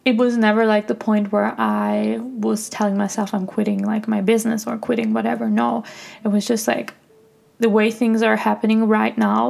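A young woman hosting her own podcast, talking reflectively and softly in a personal monologue, with many fillers like "like". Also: a little high, level tone, moderate pace, vocal fry. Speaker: podcast host.

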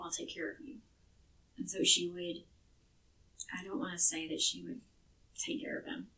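A woman with a low, forceful, bright voice tells a true crime story in a loose, chatty way, swearing now and then. She sits a little back from the mic. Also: far from the mic, low-quality recording. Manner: chatty, swearing, restarts words. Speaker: podcast co-host telling a true crime case.

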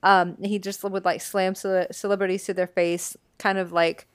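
A woman's voice: mid-range voice, little pitch movement, moderate pace, clear, resonant tone, dry recording. A young woman co-hosting a casual podcast, laughing often and swearing freely. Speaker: podcast co-host. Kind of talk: casual chat.

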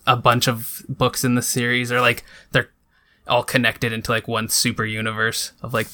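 A man's voice: mid-range voice, monotone, moderate pace, pushed and bright. A man chatting as a podcast guest, rambling and hesitant, with many fillers. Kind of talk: casual interview chat.

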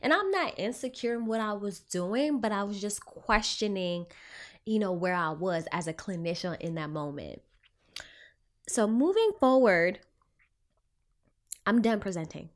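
A young woman clinician talks straight to her viewers and retells a personal story. Her voice sits in a middle pitch, and it leaps up and drops back as she reacts to her own story. She keeps the talk loose and chatty, with plenty of "you know" and "like". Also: measured pace, pauses often. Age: young adult. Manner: animated, swinging pitch, filler-heavy retelling. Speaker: child trauma clinician.

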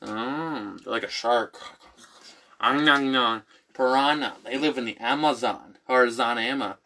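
A man in casual chat, telling stories with lively voiced-out quotes. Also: mid-range voice, a little slow. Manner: animated storyteller acting out quotes. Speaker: co-host.

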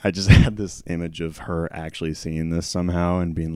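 A man hosting a solo podcast, talking candidly in a casual, self-deprecating way, often clearing his throat as he loses his voice. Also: low voice, little pitch movement, a little fast, no echo. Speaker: podcast host.

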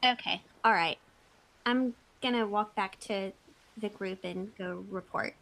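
A woman's voice: medium pitch, a little slow, vocal fry, fairly bright tone, rough recording. A woman playing a tabletop game, speaking hesitantly and laughing at her dice rolls. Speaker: player.

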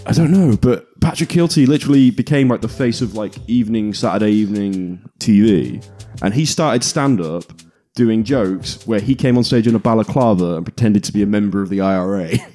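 A man's voice: on the low side, brisk, hardly any pauses, soft background music. Man chatting on a comedy podcast. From Britain. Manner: laughs a lot, animated storytelling with put-on character voices. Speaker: podcast co-host. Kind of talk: casual comedy podcast chat.

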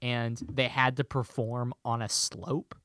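A man's voice: mid-range voice, little pitch movement, takes it slowly, sharp tone, dry recording. A man co-hosting a casual movie podcast, chatting playfully and quizzing his co-host. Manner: playful, quizzing with a hammy pirate delivery.

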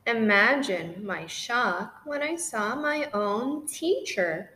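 A woman reading a rhyming children's picture book aloud in an expressive, sing-song way. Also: a little high, takes it slowly. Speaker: storybook reader. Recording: roomy echo with faint noise.

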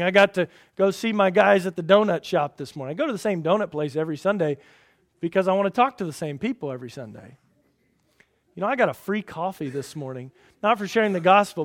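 A middle-aged man delivers a sermon from the pulpit in a fairly high voice. He preaches in a folksy, storytelling way, rising to loud emphatic lists and then dropping to quiet, personal asides. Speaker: pastor.

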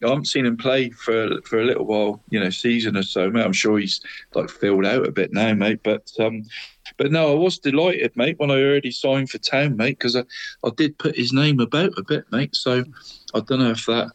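A man's voice: mid-range voice, fairly quick, rough recording. A man co-hosting a casual football chat, tagging "mate" onto almost every phrase. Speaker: podcast co-host.

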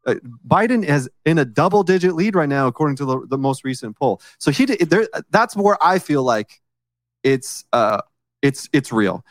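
A man co-hosting a casual political podcast, talking in an animated way, swearing and mocking what others say. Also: fairly high pitch, normal speed, no echo, clean studio sound. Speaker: podcast co-host.

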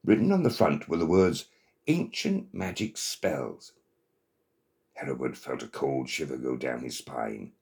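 A man narrating a children's story in an expressive, dramatic manner. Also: extremely low pitch, normal speed, few pauses.

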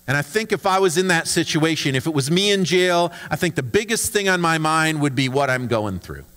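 A man's voice: on the high side, fairly bright tone. A man preaching a conversational sermon as a pastor, talking casually and often restarting his words. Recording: long hall reverb.

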